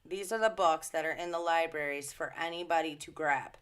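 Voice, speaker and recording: A woman's voice: deep voice, brisk, few pauses, fairly bright tone, clean tone. Ranting woman reacting to news clips. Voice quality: indignant and emphatic, swearing. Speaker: social media commentator. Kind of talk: casual ranting commentary.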